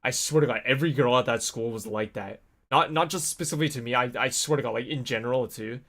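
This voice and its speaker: A young adult man vlogging alone, telling a long casual story with many fillers and animated swearing-to-God asides. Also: medium pitch, quick pace.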